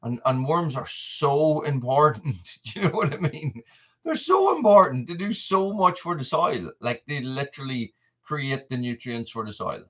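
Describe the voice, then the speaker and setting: An Irish man with a middle-range voice hosts a relaxed livestream. He wanders between thoughts and stops to greet viewers by name. The audio is a little dull and lo-fi. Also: mid-range voice, normal speed. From Ireland. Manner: rambling, answers viewer comments by name. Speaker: channel host. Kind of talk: casual livestream chat.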